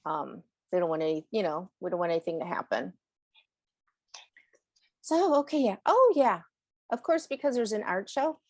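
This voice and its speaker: This is a woman talking in a loose, rambling chat, often breaking into laughter. Her voice sits at an ordinary pitch, and the sound is dry and close with no room behind it. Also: expressive, normal speed, pauses often, a little mellow, dry recording. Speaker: animal communicator. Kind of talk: casual chat on a podcast.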